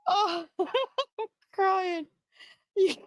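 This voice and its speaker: A woman's voice: mid-range voice, animated, takes it slowly, dry recording, studio quality. A woman hosting a casual livestream, telling a funny memory and breaking into helpless laughter again and again. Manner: laughing helplessly through her story. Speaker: livestream host. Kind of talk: casual storytelling chat. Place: room at home.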